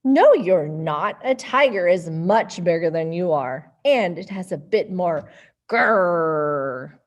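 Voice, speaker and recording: A woman's voice: on the low side, animated, unhurried, a little mellow, lo-fi sound, pitched below the performer's own voice. A woman reading aloud as a skeptical storybook animal, in a firm, dismissive tone. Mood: scoffing.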